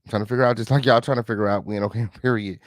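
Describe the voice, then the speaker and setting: Very fast and steady in tone, a mid-pitched male host riffs on the news in a live reaction commentary, recorded dry. He chats sassily to his audience, circling back to his catchphrases and tossing in mock-dramatic asides.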